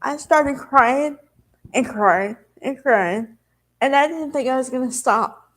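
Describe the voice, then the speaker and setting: A woman's voice: high voice, slow, fairly bright tone. A woman vlogger talking candidly and confessionally to her viewers in a rambling, casual way. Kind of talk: emotional casual talk to camera.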